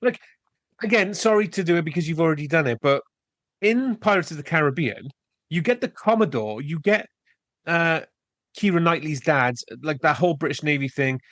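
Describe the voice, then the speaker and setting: A man with a somewhat high voice co-hosts a casual film podcast. He sounds sarcastic and incredulous and swears now and then. The recording is close and dry. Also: animated, moderate pace, fairly bright tone, no echo. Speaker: podcast co-host. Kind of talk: casual film review chat.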